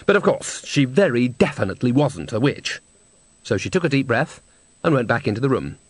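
A man reading a novel aloud with measured, wry storytelling. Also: medium pitch, big pitch swings, slightly rough, no room sound. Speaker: audiobook narrator. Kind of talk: scripted narration. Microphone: close studio mic.

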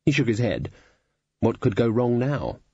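A man reading a comic fantasy novel aloud in scripted narration, dry and even. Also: medium pitch, measured pace, vocal fry, breathy edge, no echo, lo-fi sound. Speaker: audiobook narrator.

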